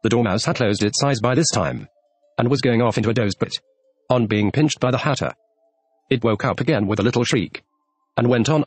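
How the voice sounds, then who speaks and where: A man narrating a classic children's book in an expressive storytelling manner. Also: mid-range voice, a little fast, slightly rough, no echo. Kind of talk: audiobook reading of a classic.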